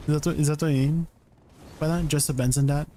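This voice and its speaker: A man's voice: on the high side, fairly even intonation, fast talker, dark tone, a little hiss or hum. A man streaming a game, chatting casually, reading chat aloud and laughing often.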